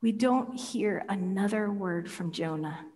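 A woman's voice: mid-range voice, a little slow, darkish tone. A woman preaching a sermon, telling a story playfully with laughs and rhetorical questions, in a church hall. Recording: long reverb of a large hall.

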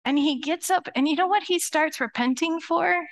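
A middle-aged woman pastor preaching a sermon to her church in a lively, conversational way, acting out quoted voices as she goes. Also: very high voice, moderate pace. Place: church sanctuary.

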